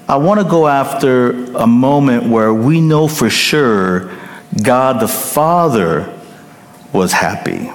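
Slow-preaching pastor in a reverberant hall. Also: male voice, mid-range voice. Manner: emphatic, swings between loud peaks and hushed drops, checks in with the congregation. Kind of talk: sermon.

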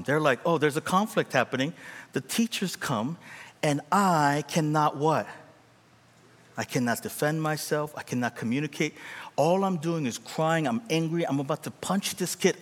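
Young male pastor from Korea, animated storytelling sermon, fairly high voice, big hall reverb. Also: moderate pace. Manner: animated, calls out to the congregation.

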